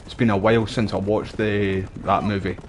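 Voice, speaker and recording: A Scottish man with a lowish voice chats casually as he streams a game. He rambles from one story to the next in a relaxed, slangy way, with faint game sounds behind him. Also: normal speed, a little hiss or hum. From Scotland. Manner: rambling, chatty, uses local slang. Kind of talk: casual gameplay chat.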